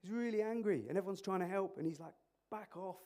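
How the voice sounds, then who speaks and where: Very fast and high-pitched, this man addresses a conference hall through a microphone as an emergency clinician. He keeps the interactive talk animated and jokey while quizzing the audience.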